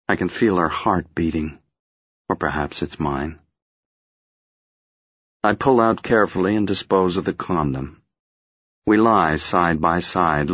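A man narrating an audiobook in the first person, measured and intimate. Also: low voice, breathy edge, no echo, dull audio.

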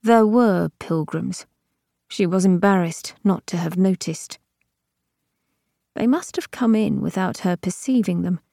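A woman narrating a novel as an audiobook in measured, even storytelling. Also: fairly low pitch, creaky, no echo, studio quality. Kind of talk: scripted fiction narration.

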